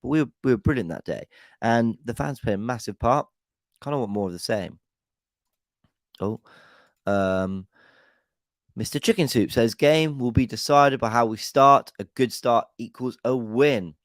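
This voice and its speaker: A man's voice: medium pitch, measured pace, long pauses, dry recording. Eager man hosting a pre-match chat. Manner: eager, rambling, reads out viewer comments. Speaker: fan channel host.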